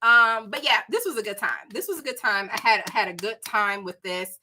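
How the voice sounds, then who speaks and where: A woman with a Southern accent reviewing books in a casual, animated chat, addressing viewers as y'all. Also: medium pitch, fairly quick. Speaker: book reviewer.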